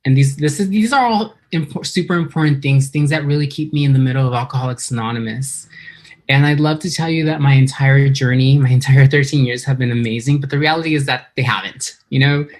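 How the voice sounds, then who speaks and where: A woman from San Diego, California gives an earnest, emotional personal recovery talk at a meeting, speaking fairly quickly in a very deep, darkish voice. She's a little nervous and talks into her computer on an online video call.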